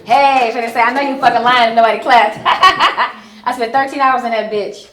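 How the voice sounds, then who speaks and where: A woman's voice: fairly high pitch, normal speed, fairly bright tone. A woman in her forties from Chicago doing stand-up, chatty and self-mocking with many ums. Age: 40s. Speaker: stand-up comedian. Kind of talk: stand-up comedy. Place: comedy club on stage. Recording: echoey club room.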